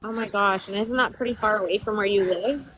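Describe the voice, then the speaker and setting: A woman's voice: medium pitch, a little fast, a bit bright, a little hiss or hum, low-quality recording. A woman in a casual group chat asking eager, curious questions.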